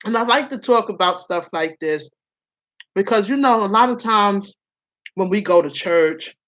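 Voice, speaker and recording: A woman's voice: mid-range voice, expressive, normal speed, a bit bright, dull audio. Laughing, frank woman hosting a chat. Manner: laughs often, playful and frank. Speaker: host. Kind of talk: casual chat.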